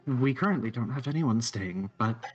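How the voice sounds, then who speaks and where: A man voicing a gentle, slightly awkward young innkeeper woman who is soft-spoken and courteous. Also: medium pitch, expressive, normal speed, dull audio, soft background music, lightly acted. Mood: polite.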